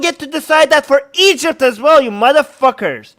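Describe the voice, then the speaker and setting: A man's voice: very high-pitched, expressive, normal speed, hardly any pauses, fairly bright tone. A man giving heated, profane political commentary as a co-host, ranting angrily and swearing often.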